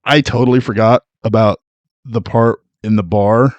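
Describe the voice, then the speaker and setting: A man with a fairly low voice, recorded close and dry, co-hosting a movie podcast. He talks in a relaxed way, laughs easily and often trails off mid-sentence. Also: moderate pace, no echo, muffled recording. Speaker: podcast co-host. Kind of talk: casual movie chat.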